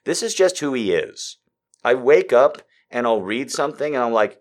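A man hosting a live show in a casual, rambling, sardonic way, swinging between loud bursts and quiet asides. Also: medium pitch, sing-song, moderate pace. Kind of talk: casual live-stream chat.

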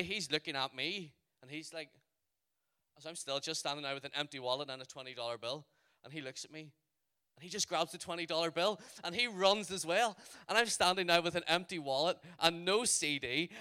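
A man with a Northern Irish accent, telling a story to a youth audience in an animated way, full of "like" fillers. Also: on the high side, clean tone. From Northern Ireland. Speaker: youth event speaker.

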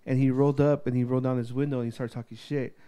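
A man's voice: mid-range voice, little pitch movement, racing, dark tone, smooth. A young man chatting casually, telling a story with lots of swearing and acted-out voices. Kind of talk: casual chat.

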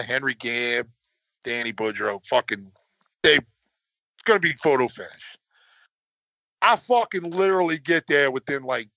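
A man telling a story in casual chat, swearing constantly and getting animated as he goes. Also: creaky, no room sound. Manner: animated, voice climbs high when worked up. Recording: dull lo-fi dry sound.

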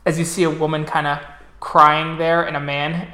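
A game master narrating a tabletop horror game slowly and deliberately. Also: medium pitch, level tone, bright, forceful tone. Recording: echoey room.

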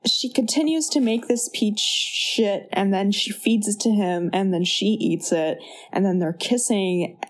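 Animated woman recapping a movie. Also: mid-range voice, measured pace. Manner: animated storytelling, acts out characters' lines, swears casually. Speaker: podcast co-host. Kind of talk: casual movie recap chat.

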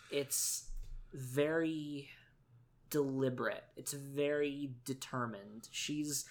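Animated male podcast co-host. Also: a little high, measured pace. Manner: animated, restarts often, emphatic. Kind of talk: casual chat recapping a cartoon.

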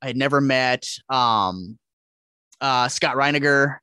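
A man telling animated, profanity-laced stories as a podcast guest in casual chat. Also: medium pitch, slow pace, clean tone, no room sound, clean studio sound. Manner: profane, animated, acts out quotes.

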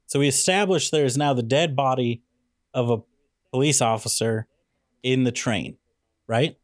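A man co-hosting a casual movie podcast, tearing into a film with sarcastic, ranting jabs. His voice sits at an ordinary pitch and sounds dry and close, with no room around it. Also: normal speed, no echo. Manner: sarcastic, ranting, picks apart the plot. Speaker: podcast co-host. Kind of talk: casual movie review chat.

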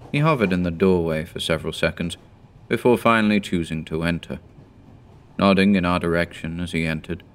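Guy in his 30s reading a horror story, real low voice, slow grave delivery. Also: a little hiss or hum. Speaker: narrator. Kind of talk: scripted horror story narration.

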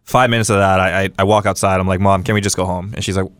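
A young man from Hawaii telling a story casually as a podcast guest, animated and full of fillers and quoted dialogue. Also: low voice, smooth, dry recording. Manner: fast, animated, lots of fillers and acted-out quotes. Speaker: guest streamer.

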